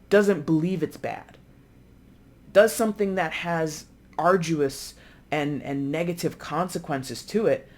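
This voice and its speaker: Chatty tarot reader voice. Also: medium pitch. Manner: chatty and conversational, acts out imagined people's lines; loose, with frequent fillers and self-corrections. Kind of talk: casual tarot reading to camera.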